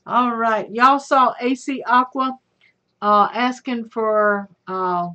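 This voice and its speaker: A woman's voice: a little high, steady tone, takes it slowly, sharp tone. A middle-aged woman hosting a livestream, chatting with viewers and reading their comments, calling them sweetheart and honey. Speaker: livestream host. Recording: dull lo-fi stream audio.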